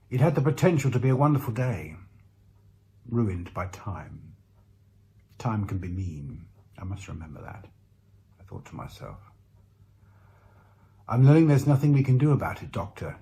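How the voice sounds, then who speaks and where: A man narrating a first-person story aloud in a measured, reflective way with dramatic pauses. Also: low-pitched, mellow, a little hiss or hum. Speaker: narrator voicing the lead character. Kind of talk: first-person audiobook reading.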